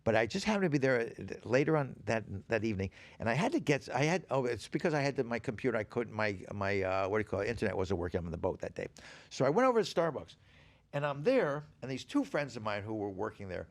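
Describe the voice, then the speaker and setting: Older male guest, gravelly, lively pitch, rambling studio storyteller. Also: fast talker, dry recording. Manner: rambling anecdotes with acted-out dialogue. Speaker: podcast guest. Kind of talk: casual storytelling chat. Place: podcast studio.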